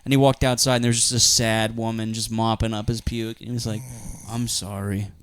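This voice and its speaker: A man's voice: on the low side, little pitch movement, fast talker, clean tone, no room sound. A man with a Philadelphia-area accent rambles through his stories in casual podcast chat. He laughs often and acts out what everyone said. The sound is dry and close, with no room around it. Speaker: podcast co-host.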